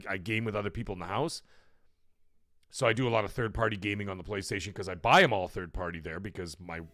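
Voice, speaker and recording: A man hosting his own live stream talks straight to chat, loose and rambling, full of fillers, restarts and casual swearing. His voice sits at an ordinary middle pitch. Faint music plays softly behind him. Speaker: streamer and show host.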